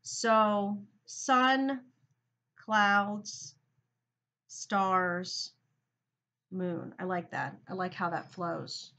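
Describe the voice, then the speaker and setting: A woman's voice: mid-range voice, extremely slow, pauses often, bright, forceful tone. A woman teacher giving a recorded grammar lesson, thinking aloud and talking straight to her students.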